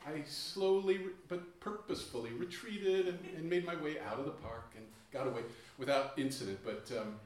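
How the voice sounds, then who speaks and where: A man telling a funny personal story on stage, self-mocking, with many halting restarts. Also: on the high side. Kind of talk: live storytelling to an audience. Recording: echoey room, distant mic.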